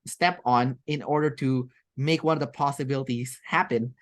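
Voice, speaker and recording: A woman's voice: extremely low pitch, steady tone, moderate pace. Chatty woman rambling through an interview. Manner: chatty and rambling, many fillers and restarts. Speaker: interview guest. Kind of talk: casual interview chat.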